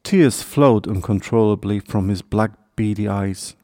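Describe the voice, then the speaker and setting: A man reads a children's story aloud at an unhurried, very slow pace. His voice sits low and mellow, and the recording is dry and close, with no room around it. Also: dry recording. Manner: calm, measured reading. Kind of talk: scripted storybook narration.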